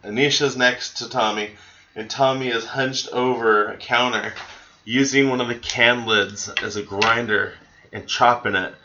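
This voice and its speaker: Animated storytelling man on a podcast. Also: mid-range voice, measured pace, muffled recording, slight background noise. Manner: animated storyteller, acts out voices in his stories. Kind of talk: casual podcast chat.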